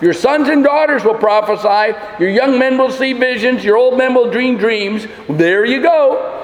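A man preaching in a church sanctuary, his high voice ringing through a large, reverberant hall. He delivers an emphatic sermon, pausing for weight and then building to urgent exhortations. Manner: emphatic preaching with dramatic pauses and rising exhortations. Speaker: pastor.

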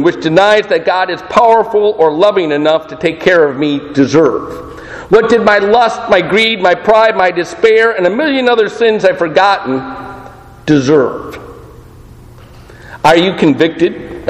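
A man preaching a sermon, emphatic, with rhetorical questions and slow, dramatic pauses. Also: high-pitched. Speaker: pastor. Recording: roomy hall reverb.

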